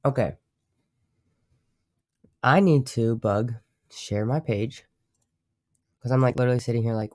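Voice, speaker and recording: A man's voice: medium pitch, slow, long pauses, darkish tone, no echo, clean studio sound. A man hosting a live stream, chatting casually in a rambling, profane way and often correcting himself. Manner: rambling, profane, self-interrupting. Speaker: livestream host.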